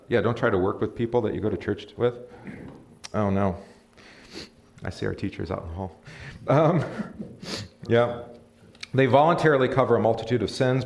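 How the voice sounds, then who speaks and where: A man teaching a casual Bible study as pastor, talking to the room, asking questions and reading passages aloud. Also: fairly low pitch. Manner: conversational, asks the room questions, chuckles. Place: church or classroom. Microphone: live stream mic.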